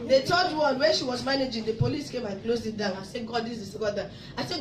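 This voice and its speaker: A woman from Africa giving an emotional testimony at a church service, her voice rising to loud praise. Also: fairly high pitch, fast talker. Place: church hall in Abu Dhabi. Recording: echoey hall, mic far off, noisy.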